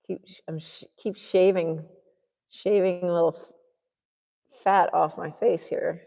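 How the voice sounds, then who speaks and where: A woman's voice: lowish voice, fairly even intonation, measured pace, vocal fry, warm tone, big-room sound, dull audio. A woman painting a self-portrait on a live stream, chatting casually and thinking aloud as she works. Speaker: artist livestreaming a painting session. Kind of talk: casual chat while painting.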